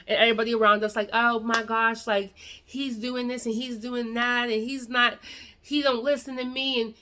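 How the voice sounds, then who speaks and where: A woman's voice: mid-range voice, bright, forceful tone. A woman, talking straight to her viewers in an earnest, preachy way about owning your mistakes. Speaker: video creator giving life advice. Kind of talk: casual talk to camera.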